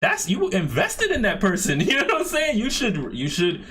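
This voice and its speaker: A man hosting a casual podcast, talking in a relaxed, encouraging, slangy way. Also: sits high, moderate pace, husky. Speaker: host.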